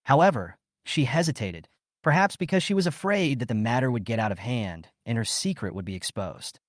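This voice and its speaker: A man narrating a recap story in a steady, scripted storytelling voice. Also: mid-range voice, a little fast, no room sound, clean studio sound.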